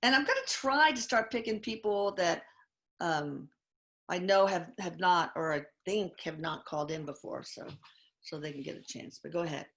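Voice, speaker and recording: A woman hosting a casual live question-and-answer session, reading audience questions aloud with hesitant pauses and plenty of fillers. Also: lowish voice, lively intonation, a bit bright. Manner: hesitant, many fillers, reads names haltingly.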